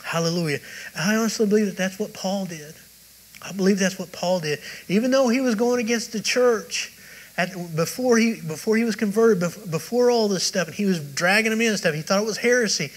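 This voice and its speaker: A man's voice: high-pitched, fairly quick, rough recording. A male preacher giving a rambling, conversational sermon that mixes in his own testimony at a church service. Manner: rambling, conversational storytelling with many restarts.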